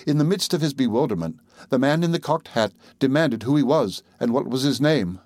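A man reading a story aloud in a steady, measured narrating voice. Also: mid-range voice, dry recording. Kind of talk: audiobook narration.

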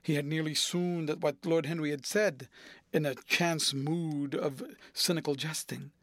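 A man narrating a classic novel in a measured, expressive storytelling manner. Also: on the high side, no echo. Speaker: audiobook narrator.

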